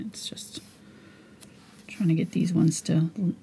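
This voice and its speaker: Husky woman losing her voice. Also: on the low side, moderate pace. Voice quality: husky, gravelly. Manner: quiet, relaxed, muttering as she paints. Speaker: painting instructor. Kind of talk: live painting tutorial.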